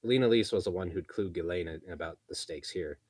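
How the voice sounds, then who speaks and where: A man reading a light novel aloud as narrator, steady, with small slips and self-corrections. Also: low-pitched, fast talker, slightly rough, dry recording.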